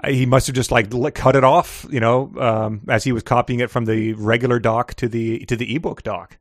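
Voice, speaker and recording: A man's voice: mid-range voice, little pitch movement, brisk, no room sound, studio quality. A man co-hosting a casual podcast about a book, laughing often and trailing off into restarts as he talks. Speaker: podcast co-host. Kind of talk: casual book-discussion chat.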